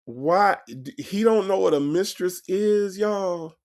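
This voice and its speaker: A man hosts a comedic stream reacting to a jail call, mocking it in disbelief, repeating lines for effect, and reading viewer chat comments aloud. His voice is high-pitched, slow, and a little mellow.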